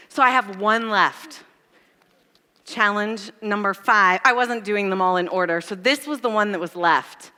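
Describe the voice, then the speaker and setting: Woman church speaker, high bright tone, animated and self-mocking, big reverberant hall. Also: moderate pace, clear, resonant tone. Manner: animated, self-deprecating storytelling. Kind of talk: storytelling sermon.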